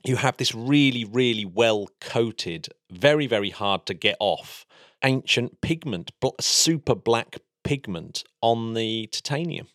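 A man's voice: medium pitch, lively intonation, a little slow, a bit bright, no room sound, studio quality. An English man talking enthusiastically in a casual science chat, explaining space engineering as a podcast co-host. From England.

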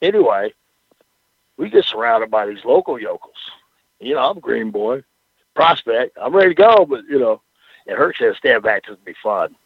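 A man's voice: medium pitch, sing-song, normal speed, breathy edge, no room sound. Profane older man spinning wild stories. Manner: profane, rambling storyteller with frequent "you know what I'm saying". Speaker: former pro wrestler, interview guest. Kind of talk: casual storytelling interview. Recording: dull lo-fi radio audio.

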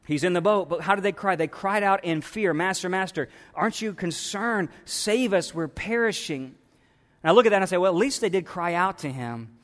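Impassioned high-voiced male preacher in a hall. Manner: impassioned, repetitive, many rhetorical questions and restarts. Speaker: pastor. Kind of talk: sermon.

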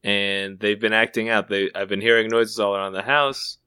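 A flustered, nervous woman nanny, as a man puts her on, rushing to explain herself in a voice that is barely changed from his own. It is an improvised comedy skit on a podcast. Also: fairly low pitch, fairly even intonation, pushed and bright, clean tone, no room sound, clean studio sound.

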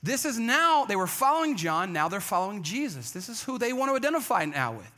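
A man preaching a sermon in a conversational, energetic storytelling way, often acting out the people he quotes. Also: high-pitched, a little fast. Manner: conversational, acts out quoted voices. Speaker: pastor.

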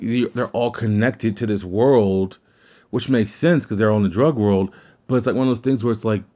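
A man's voice: fairly low pitch, a little mellow, highs cut off. A man hosting his own show, talking through his thoughts in a rambling way and often restarting his sentences. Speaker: podcast host. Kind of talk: casual solo commentary.

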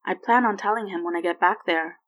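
A woman voicing a tired, tender adult mother who speaks softly and gently. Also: fairly low pitch, fairly quick, close to an everyday voice. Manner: soft and gentle.

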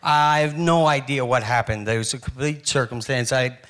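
A man's voice: mid-range voice, normal speed, a bit bright, close to an everyday voice. A man voicing a tough ex-con who bluntly denies everything and barks orders. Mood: denying. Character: tough ex-con man, menacing, deadpan denials.

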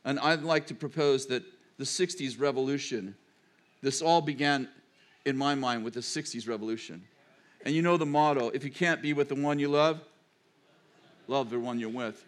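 A man's voice: medium pitch, moderate pace. An older man, a pastor and grandfather, preaching a sermon in a chatty, digressive storytelling manner.

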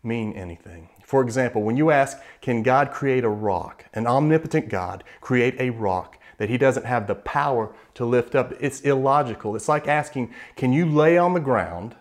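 A man preaches a sermon earnestly and at a measured pace, slowing down to emphasize key words. His voice is mid-range and expressive.

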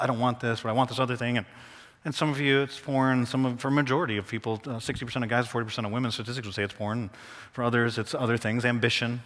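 A male pastor preaching a sermon, animated, slowing down to read quotes aloud. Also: mid-range voice. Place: church hall. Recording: long reverb of a large hall.

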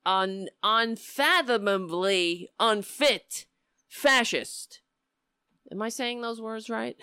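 A woman's voice: lowish voice, bright, forceful tone, clean tone, dry recording, studio quality. A woman hosting a political livestream show, talking emotionally and rambling, with frequent restarts. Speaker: host of a political talk show. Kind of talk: casual livestream commentary.

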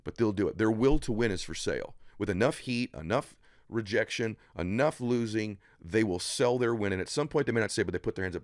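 Middle-aged man, very low voice, dry close mic, emphatic preacherly guest building intensity. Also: lively intonation, a little fast, hardly any pauses, dry recording. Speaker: podcast guest. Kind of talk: motivational interview talk. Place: studio room.

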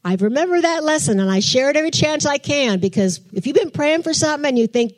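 A woman's voice: high-pitched, lively intonation, fast, hardly any pauses. An older woman giving a chatty testimony in church, telling her story and acting out what she thought back then. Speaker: church speaker. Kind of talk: testimony sermon.

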